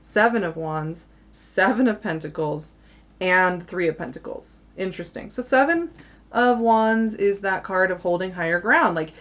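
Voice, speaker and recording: A young woman, a tarot reader, talks through a monthly reading in a chatty, effusive, animated way, with lots of little laughs and fillers. She sounds a bit tired, yawning at times, and speaks a little slowly in a somewhat low voice.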